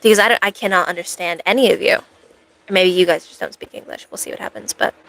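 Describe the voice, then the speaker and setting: A woman's voice: on the low side, quick pace, creaky, a bit bright, low-quality recording. A woman chatting casually with viewers on a cosplay live stream, rambling along with playful, self-mocking asides.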